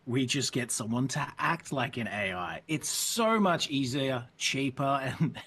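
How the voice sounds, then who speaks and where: A man's voice: mid-range voice, expressive, a little slow, a bit bright, husky. A man chatting casually as a co-streamer, joking and laid-back. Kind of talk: casual chat.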